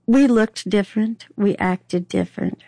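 A woman's voice: mid-range voice, unhurried, vocal fry, warm tone, dry recording, studio quality. An older woman with a Southern accent, telling her own story plainly and wryly in an interview. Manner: plainspoken, wry, laughs a little. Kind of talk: personal storytelling.

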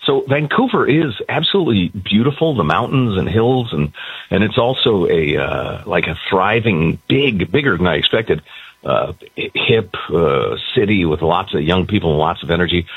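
A man's voice: low voice, animated, normal speed, slightly rough, no echo. A male co-host calling in by phone from a port while on vacation, chatting wryly and sliding into a sardonic rant. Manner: wry, sardonic, breaks into a rant. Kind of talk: casual chat. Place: outdoors by a port. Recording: tinny phone line.

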